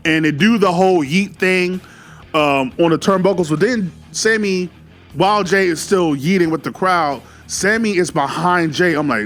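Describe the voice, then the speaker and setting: A man giving a casual, excitable solo review, full of fillers and slang. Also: high-pitched, moderate pace, slight background noise. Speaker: wrestling commentary YouTuber.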